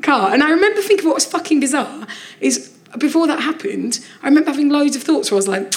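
Animated woman telling a story. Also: sits high, quick pace, few pauses. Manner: animated storytelling, frequent laughter, swearing. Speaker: comedian guest. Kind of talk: casual anecdote on a live podcast.

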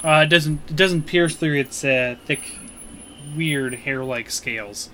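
A man narrating a tabletop game as game master, pausing often with ums and uhs. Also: on the high side, sharp tone, slight background noise. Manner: hesitant, fills pauses with ums and uhs.

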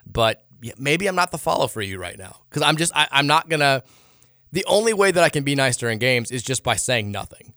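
A man hosting sports radio talks casually but with frustration and sarcasm, rambling and restarting many times. His medium-pitched voice swings widely in pitch and sounds pushed and bright, and he speaks a little fast. The sound is studio quality with no echo.

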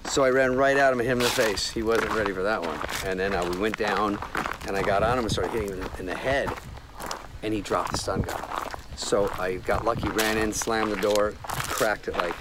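A man's voice: lowish voice, fairly quick, heavy background noise. A man telling a long story in casual chat, acting out the voices of everyone in it. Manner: animated, acts out quoted dialogue.

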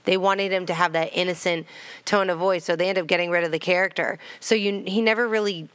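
A woman's voice: on the low side, fairly even intonation, fast talker, fairly bright tone, smooth, no echo. Woman co-host, casual rewatch chat, swears a lot, dry sound. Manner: chatty, swears casually, acts out scenes in quoted voices. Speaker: podcast co-host.

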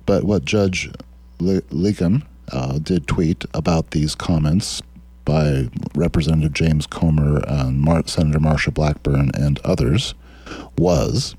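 A sardonic male radio host delivering political commentary and reading quotes with mocking asides. His voice is very low, dark and husky, and the recording sounds dry and close in the studio. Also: unhurried, dry recording. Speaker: radio talk show host.

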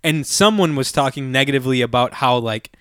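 Podcast dude rambling easygoing, swears a bit, dry close mic. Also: male voice, medium pitch, animated, fairly quick, a bit bright, clean tone, no room sound. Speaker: podcast co-host. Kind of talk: casual chat reacting to a movie trailer.

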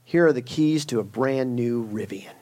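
Saint Peter, a calm saint voiced by a man. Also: medium pitch, normal speed, pitched below the performer's own voice, natural voice. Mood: welcoming. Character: calm, welcoming older male saint at heaven's gate.

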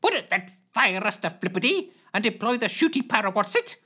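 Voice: medium pitch, sing-song, brisk, bright, forceful tone, voice pushed up. A narrator voicing a scatterbrained, eccentric woman astronomer who muddles her words. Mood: excited. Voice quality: muddled, nonsense phrases.

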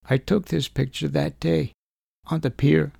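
A man voicing a grieving elderly aunt who speaks gently and tearfully, in a spoken story. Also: on the high side, little pitch movement, a little slow, gravelly, no echo, clean studio sound, pitched above the performer's own voice, full character voice. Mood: tender.

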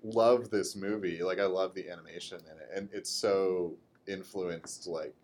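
A man co-hosting a podcast, talking casually about an old movie in an animated, rambling way with lots of fillers. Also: low voice, measured pace, a little hiss or hum. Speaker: podcast co-host. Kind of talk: casual film discussion.

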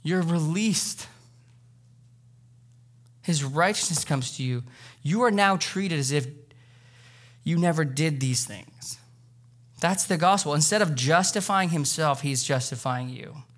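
A man's voice: fairly high pitch, measured pace. Earnest man preaching a sermon. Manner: earnest, conversational preaching with sudden loud emotional peaks. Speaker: pastor. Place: church sanctuary.

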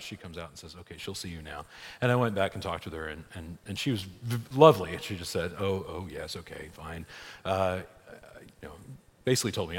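A man, a priest, teaching a church catechesis class in a conversational way, often checking in with "right?". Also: mid-range voice. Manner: conversational, frequent "right?" checks, laughs, restarts. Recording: long hall reverb.

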